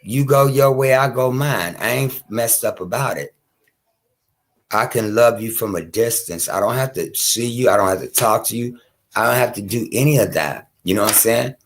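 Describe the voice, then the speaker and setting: Gravelly-voiced man ranting on his stream. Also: medium pitch, normal speed. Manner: heated, profane, addresses a critic directly; chatty asides to his audience. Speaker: small online creator hosting his own stream. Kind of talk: unscripted rant to viewers.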